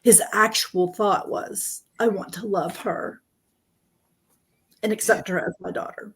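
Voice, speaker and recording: A woman's voice: mid-range voice, fairly even intonation, a little slow, a bit bright, slightly rough. A woman hosting an interview, earnest and openly moved, talking over a video call. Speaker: host. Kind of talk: emotional interview conversation.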